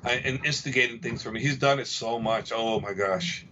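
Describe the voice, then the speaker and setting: Animated storytelling male coach. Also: mid-range voice, fairly quick, highs cut off, a crowd in the background. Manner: animated, repeats himself, acts out others' lines. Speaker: fight coach and podcast guest. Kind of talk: casual storytelling chat.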